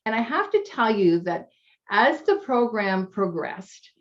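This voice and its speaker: A woman's voice: a little high, big pitch swings, a little slow, lo-fi sound. A woman health coach telling a client's story in an interview, chatty and emotional, at times teary.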